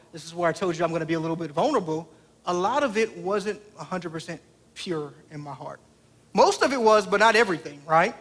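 High-voiced man preaching a story sermon. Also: a bit bright. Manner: conversational, direct questions to the congregation. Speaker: pastor.

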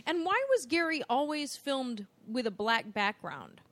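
High, lively woman, dry close sound. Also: no room sound. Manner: quick agreeing interjections, laughs. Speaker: podcast co-host. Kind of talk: casual movie-review chat.

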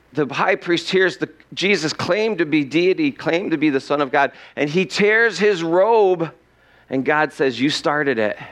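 A man as pastor, preaching a sermon in a slow, earnest storytelling way with dramatic pauses. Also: on the high side, fairly bright tone.

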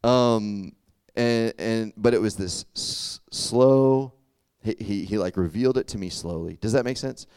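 A young male preacher talks to a youth crowd as if chatting with friends, full of fillers and quick check-ins. His voice sits a little low and sounds smooth. The recording is dry and close. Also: a little mellow, no room sound. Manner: conversational, filler-heavy, often asks "does that make sense?". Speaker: youth pastor. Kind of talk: casual sermon.

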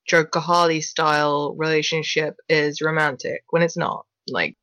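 A woman's voice: sits low, flat delivery, moderate pace, bright, forceful tone, no echo. A woman co-hosting a podcast, giving blunt opinions in casual talk about films. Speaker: podcast co-host.

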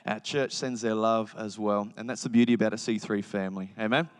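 A man in his thirties preaching a sermon as pastor, telling joking family stories with lively impressions. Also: lowish voice, fairly quick, clear, resonant tone, in a large hall. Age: 30s. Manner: energetic, joking storytelling with animated impressions.

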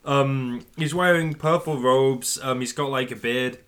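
A man's voice: medium pitch, unhurried, fairly bright tone. A man playing a tabletop game in a casual, laid-back way, hesitant with lots of fillers. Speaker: player.

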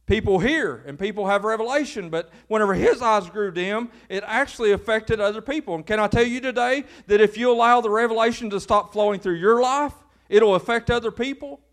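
A Kentucky pastor with a country twang preaching a Sunday sermon in church. His voice sits high for a man, and he keeps things folksy and joking. His delivery is lively and animated. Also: a little fast, hardly any pauses.

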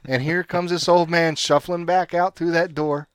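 A man with a somewhat high voice tells a long, animated story in a casual chat, acting out each person's lines and often breaking into laughter. The sound is dry and close, with no room echo. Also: normal speed, clean tone. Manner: animated, laughing storyteller who acts out quotes.

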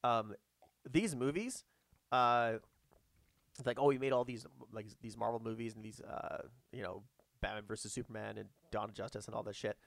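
A man's voice: on the low side, moderate pace, creaky, a bit bright, no room sound. A man chatting casually about movies, rambling, with frequent fillers and restarts.

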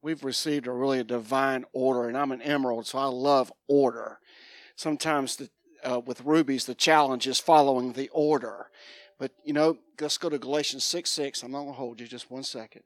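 Male preacher, slightly high voice, dry close sound, earnest testimony and fervent prayer. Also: moderate pace, no echo. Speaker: preacher giving an offering appeal. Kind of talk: sermon with personal testimony. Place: church.

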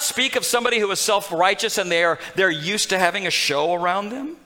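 Animated, bright-voiced male preacher. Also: high voice, a little fast, few pauses, poor audio. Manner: animated storytelling, acting out characters. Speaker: pastor. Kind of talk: sermon.

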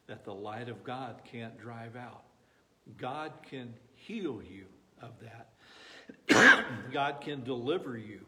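A man's voice: mid-range voice, bright, forceful tone. A man preaching a sermon as a pastor, talking in an earnest, pleading way with frequent restarts.

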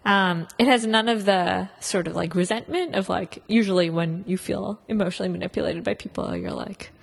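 A woman's voice: mid-range voice, normal speed, creaky, breathy edge. A woman hosting a podcast, chatting casually and enthusiastically, full of praise and fillers. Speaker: podcast host. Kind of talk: casual interview chat.

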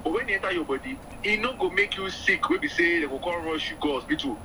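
A male doctor explaining vaccines on radio in Nigerian Pidgin, patient and clear. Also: high voice, quick pace, noisy background. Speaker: doctor guest.

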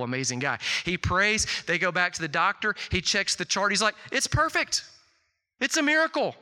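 Middle-aged guy preaching, bright voice, bit higher pitched, storytelling w lots of like, long hall echo. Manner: animated storytelling, swings loud and high on quotes, filler "like". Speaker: pastor. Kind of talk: sermon.

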